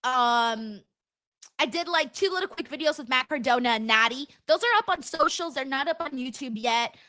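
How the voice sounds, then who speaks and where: A young adult woman hosting a casual livestream, reading out viewer messages in an excitable way, laughing often and swearing freely. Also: high-pitched, moderate pace. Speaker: livestream host. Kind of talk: casual watch-along chat, reading viewer donations.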